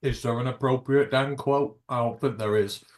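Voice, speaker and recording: A man's voice: medium pitch, fairly even intonation, moderate pace. A man co-hosting a casual podcast, trading dry, teasing jokes. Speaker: podcast co-host. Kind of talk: casual live podcast chat.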